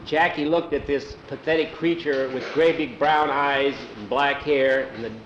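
A man's voice: a little high, steady tone, moderate pace, fairly bright tone, a little hiss or hum. A man telling an adventure story aloud, often repeating "he says" between lines. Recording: dull lo-fi recording.

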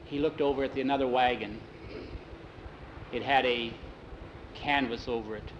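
Man, oral storyteller, unhurried, slightly dull recording, faint air-conditioner hum. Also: medium pitch, fairly even intonation. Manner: plain, unhurried telling with many "he says" tags and small restarts. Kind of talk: oral storytelling, told from memory.

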